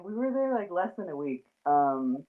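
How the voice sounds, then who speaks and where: A woman's voice: on the low side, big pitch swings, normal speed. Chatty woman on a tinny line. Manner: chatty, lots of fillers and laughter. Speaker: host. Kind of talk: casual chat.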